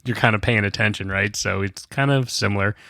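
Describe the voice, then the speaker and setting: A man co-hosting a podcast in casual chat, reflective and quick to laugh. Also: lowish voice, gravelly, bright, forceful tone, no room sound, clean studio sound. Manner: reflective, laughs easily, sometimes does voices. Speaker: podcast co-host.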